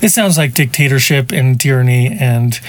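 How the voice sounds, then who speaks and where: A man's voice: mid-range voice, moderate pace, a crowd in the background. A man hosting a podcast, talking in a rambling, conversational monologue with asides. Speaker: podcast host. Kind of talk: casual opinion monologue.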